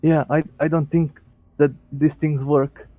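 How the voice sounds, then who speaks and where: A man's voice: on the high side, flat delivery, measured pace, no echo, soft background music. A man playing in a tabletop game, speaking hesitantly with lots of fillers. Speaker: player. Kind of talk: casual tabletop play. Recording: tinny phone-like line.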